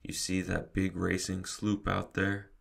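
A man voicing a fussy grown man who owns a model schooner, indignant and bellowing, in a deep gravelly voice. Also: completely flat delivery, unhurried, a bit bright, exaggerated voice. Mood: grumbling.

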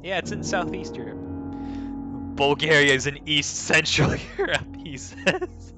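A man's voice: fairly high pitch, unhurried. A man playing a text adventure game, reading the story aloud and laughing and swearing at it in casual commentary. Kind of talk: casual let's play commentary. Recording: clear background music.

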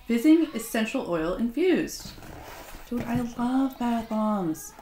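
Woman host, dry self-mocking humor, casual unboxing chat, echoey home room with faint hiss. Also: fairly high pitch. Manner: sarcastic, self-mocking banter. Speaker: author unboxing a gift box. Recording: roomy echo, faint noise.

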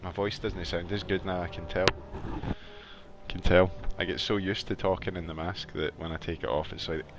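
Chatty Scottish man, lowish voice. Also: fairly even intonation, normal speed, slight background noise. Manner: chatty, laughs often, talks to viewers. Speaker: live game streamer. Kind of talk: casual live gameplay chat. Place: warm bedroom at home.

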